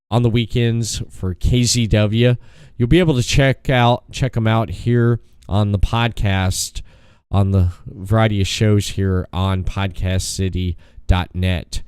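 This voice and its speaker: A man hosting a podcast, speaking in a steady, promotional way and repeating his points. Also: fairly low pitch, smooth, no echo, clean studio sound. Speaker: podcast host. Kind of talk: casual chat.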